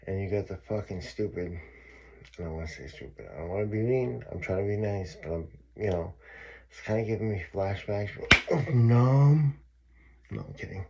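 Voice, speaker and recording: A man's voice: on the low side, lively intonation, moderate pace, vocal fry, mellow, a little hiss or hum. A man telling his own story in a casual, profane and emphatic monologue, often repeating himself.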